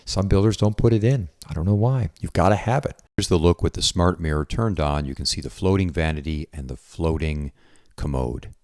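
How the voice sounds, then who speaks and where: A man's voice: deep voice, brisk, a little mellow. A man giving an enthusiastic, chatty walkthrough tour of a house as a real estate agent. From Southwest Florida resident. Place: indoors in a house.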